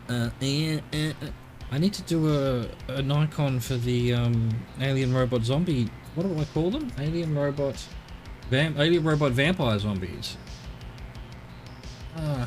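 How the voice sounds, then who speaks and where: A man's voice: medium pitch, darkish tone. An Australian man streaming a game, chatting casually and rambling to himself as he explores. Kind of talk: casual live-stream commentary.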